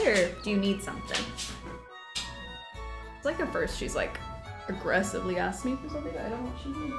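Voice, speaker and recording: A woman's voice: medium pitch, expressive, fairly quick, pauses often. A woman streamer casually chatting while playing a game, slipping into baby talk with her dog. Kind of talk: casual gameplay commentary. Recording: echoey room with loud music.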